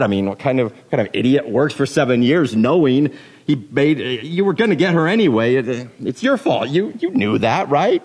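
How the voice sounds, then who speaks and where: A man's voice: mid-range voice, very animated, a little fast, a little mellow, husky. A man preaching a sermon in a casual, joking way, sometimes putting on playful voices. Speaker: pastor. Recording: long hall reverb.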